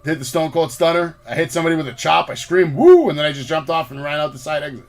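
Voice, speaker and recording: Animated, foul-mouthed New storyteller man. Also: a little high, quick pace, creaky. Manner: animated, profane storytelling with acted quotes. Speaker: podcast host. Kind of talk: casual chat, storytelling.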